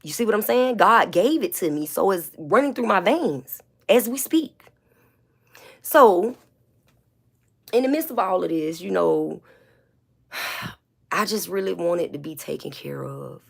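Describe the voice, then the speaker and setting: Gravelly low-voiced woman, confessional and blunt. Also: lively intonation, measured pace, pauses often. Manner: candid, blunt and profane, with many repeats and fillers; emotional, holding back tears. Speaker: vlogger. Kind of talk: confessional monologue to camera.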